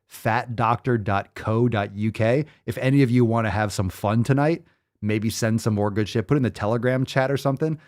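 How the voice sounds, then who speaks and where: A man's voice: mid-range voice, moderate pace, a little mellow. A man hosting a show, talking in casual, profane, rambling commentary with a sarcastic, exasperated edge. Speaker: show host. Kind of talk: livestream commentary.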